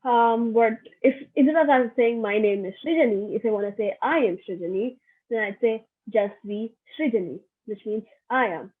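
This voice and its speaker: Over thin, phone-like audio, a young woman runs a relaxed online French lesson, repeating every phrase for practice in a chatty way. She's a young adult teacher whose fairly high voice has a breathy edge and moves at normal speed.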